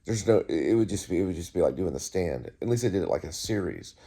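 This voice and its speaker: A man's voice: low-pitched, lively intonation, quick pace, creaky, mellow, husky. A middle-aged man hosting his own show, rambling through a casual monologue with many restarts and asides. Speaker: host.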